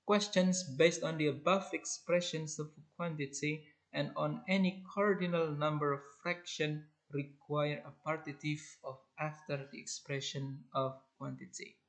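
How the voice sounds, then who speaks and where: Slow, deliberate male English teacher. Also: on the high side, steady tone, rough recording. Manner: slow, deliberate, measured reading. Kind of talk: reading a grammar lesson aloud.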